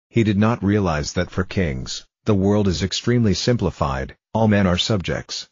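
Male storybook reader, calm and measured, deep husky voice, dull dry lo-fi recording. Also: no echo. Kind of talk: reading a storybook aloud for English learners.

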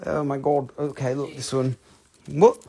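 A man hosting a live sales stream from his home, with rushed, joking sales patter. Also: mid-range voice, flat delivery, mellow, husky. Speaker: live-stream seller of rocks and jewelry.

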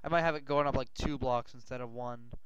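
A young-sounding man talks through his gameplay in a loose, rambling way, full of ums and sudden panicked shouts and curses. His voice is smooth and even in pitch, though the recording comes through a dull, lo-fi mic. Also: a little fast, dry recording. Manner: rambling, excitable, yells and swears when panicked. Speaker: gaming channel host. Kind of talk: gameplay commentary.

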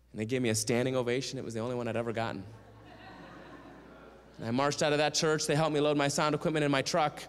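A man with a fairly high voice tells a story from the pulpit, lively and animated as he acts out each person's lines. His voice rings with the long reverb of a church sanctuary. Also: fast talker. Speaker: guest speaker and singer. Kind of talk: storytelling sermon.

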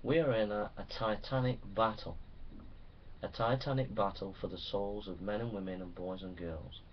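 A man preaching a sermon that builds into loud, impassioned shouting. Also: on the low side, steady tone, moderate pace, muffled recording, slight background noise.

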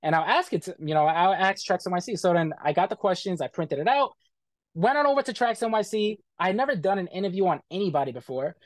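A man's voice: high-pitched, expressive, fast talker, no room sound, studio quality. A man being interviewed, bluntly retelling a bad experience in casual, profane talk full of quoted back-and-forth.

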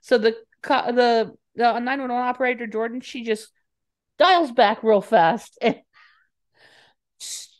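A woman's voice: fairly high pitch, slow, pauses often. A young adult woman co-hosting a podcast, giving a chatty, giggly movie recap and briefly acting out the characters' lines. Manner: chatty, giggly, dips into quoted voices. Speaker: podcast co-host. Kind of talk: casual movie recap chat.

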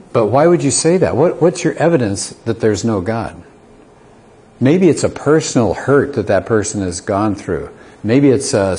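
A man's voice: lowish voice, a little mellow. A middle-aged man, a community college teacher, giving an earnest lecture to a live audience, asking rhetorical questions and acting out both sides of short dialogues.

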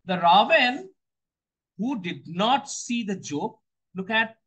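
A man teaches a poem line by line in a notably high voice. He moves at an unhurried, deliberate pace. He keeps repeating words and asks questions that he then answers himself. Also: big pitch swings, a bit bright, husky, low-quality recording. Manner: explains slowly, repeats phrases, asks and answers his own questions. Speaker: English teacher.

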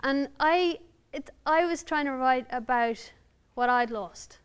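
A woman's voice: sits high, slow, clear, resonant tone. An Irish woman novelist reading her work aloud and then answering audience questions, candid, wry and self-deprecating. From Ireland. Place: university lounge before an audience.

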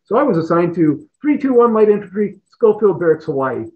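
Over a tinny phone-like line, a middle-aged interview guest who is a retired fighter pilot spins casual stories. His high-pitched voice swings widely and moves a little fast, and he rambles, repeats himself, and chuckles a lot.

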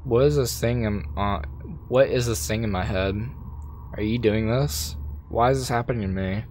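A man voicing an anxious, haunted young woman cat in a video game, speaking in halting, shaken questions. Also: lowish voice, darkish tone, a little hiss or hum, close to an everyday voice. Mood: rattled.

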